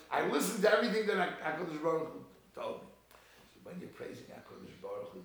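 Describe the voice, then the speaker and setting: Gravelly man teaching in an echoey room. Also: sing-song, a little fast. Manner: swings between loud emphatic quoting and low hushed asides. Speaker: rabbi giving a Torah talk. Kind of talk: Torah lecture.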